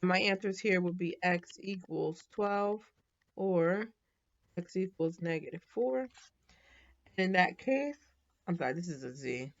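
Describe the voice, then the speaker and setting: A woman explains geometry in a casual teaching voice, a little low in pitch. She thinks aloud, fills pauses with ums and corrects her own slips. The recording sounds dull and lo-fi. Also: animated. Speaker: math teacher. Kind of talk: casual whiteboard lesson.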